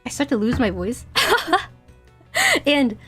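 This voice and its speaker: A young woman streaming a game, chatting casually in a giggly, rambling, self-deprecating way, her throat a little dry and husky. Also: fairly high pitch, very animated, slow pace, a bit bright, soft background music. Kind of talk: casual gaming stream chat.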